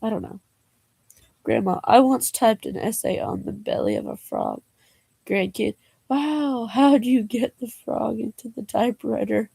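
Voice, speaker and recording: A woman's voice: fairly high pitch, very animated, measured pace, creaky, dark tone, slightly rough, no echo. A young woman vlogger reading jokes aloud in a casual way, laughing and groaning at them and adding slangy asides.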